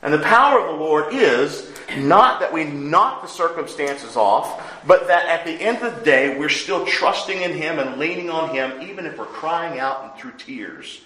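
A man preaching a sermon, earnest, rising to loud emphasis and dropping to hushed lines. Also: on the high side, expressive, normal speed, roomy sound, rough recording. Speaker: pastor.

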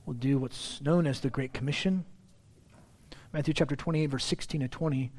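A middle-aged man, a pastor preaching a sermon in church, talking in a conversational, self-deprecating way and getting louder when he stresses a point. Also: mid-range voice, fairly even intonation, moderate pace. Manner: conversational, self-deprecating, rising loud on emphasis.

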